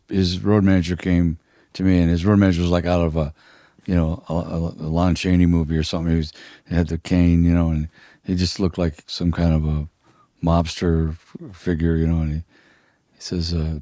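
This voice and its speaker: An older man with a husky voice, telling a rambling, halting story full of fillers as a podcast guest. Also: deep voice, flat delivery, dark tone, dry recording, studio quality. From United States. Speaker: guest musician. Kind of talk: casual storytelling.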